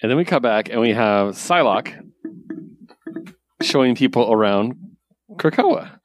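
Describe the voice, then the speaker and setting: A man co-hosting a casual podcast, recapping a story with animated storytelling and filler words. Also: medium pitch, measured pace, dry recording. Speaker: podcast co-host, comic reviewer. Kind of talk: casual chat.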